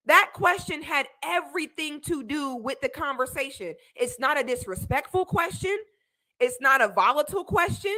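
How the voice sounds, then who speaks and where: High-pitched and sharp, her voice moves with lively intonation at a moderate pace. She's a young woman on a debate panel giving heated commentary on a clip, stressing her words and repeating herself out of indignation.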